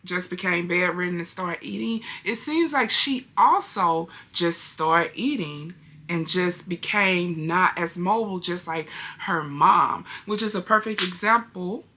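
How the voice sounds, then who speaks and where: A woman's voice: on the low side, sharp tone. A young adult woman hosting a reaction video, chatting casually to her viewers and laughing often.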